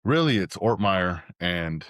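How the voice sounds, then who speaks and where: A man's voice: low voice, sing-song, unhurried, a bit bright, dry recording, clean studio sound. A man, a podcast guest from Texas, telling stories in casual, rambling chat and swearing freely.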